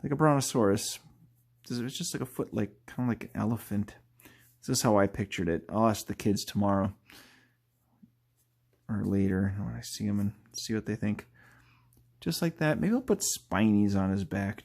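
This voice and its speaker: A man's voice: on the low side, creaky, darkish tone. Rambling chatty man sketching live. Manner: rambling and chatty, laughs at his own jokes; thinks aloud while drawing, often trails off. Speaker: artist drawing live. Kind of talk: casual live-drawing commentary.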